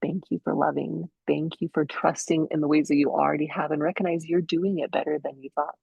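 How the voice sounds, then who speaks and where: Earnest woman with a gravelly edge. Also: low-pitched, level tone, a little fast, no echo, narrow, tinny audio. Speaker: podcast host. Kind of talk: inspirational solo podcast talk.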